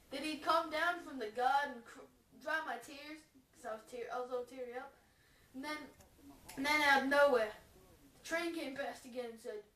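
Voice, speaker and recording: A woman's voice: sits high, fairly bright tone. A woman improvising a goofy, rambling parody voice-over of a preacher, full of restarts. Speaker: fan voice-over comedian. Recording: roomy echo, far from the mic.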